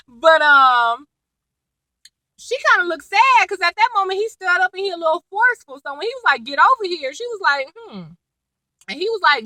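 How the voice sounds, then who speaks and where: A very high, brisk female voice comes through a dry recording of poor quality. This TV recap vlogger chats casually while recounting an episode, acting out quoted lines with laughs along the way.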